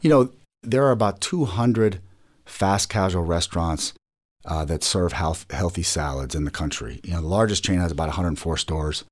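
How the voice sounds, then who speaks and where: A man's voice: deep voice, normal speed. A man answering interview questions about his restaurant chain, rambling with lots of restarts and repeated words.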